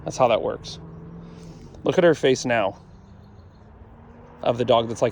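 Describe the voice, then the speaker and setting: A man with a middle-pitched voice explains dog training outdoors in a blunt, matter-of-fact way, repeating his points. Faint traffic hum sits behind him. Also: measured pace, darkish tone. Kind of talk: casual explanatory commentary while training.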